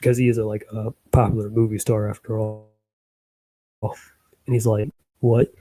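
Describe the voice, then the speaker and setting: A man's voice: on the low side, flat delivery, normal speed, mellow, low-quality recording. A man casually rambling about his own animation project, full of fillers and little chuckles. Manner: loose, filler-heavy, chuckling asides. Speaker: hobby animator.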